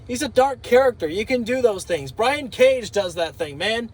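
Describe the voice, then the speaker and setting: High-voiced man rambling about wrestling booking. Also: animated, moderate pace, rough recording. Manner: rambling, thinking aloud with fillers. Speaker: wrestling commentator. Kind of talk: casual opinion vlog.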